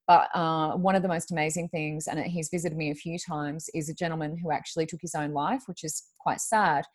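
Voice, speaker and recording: A woman with a notably low voice, telling a story as a podcast guest. She rambles casually and packs her talk with fillers. Her tone is easygoing and conversational. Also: fairly even intonation, a little fast. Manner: chatty, rambling, full of "like" and "um". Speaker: guest medium.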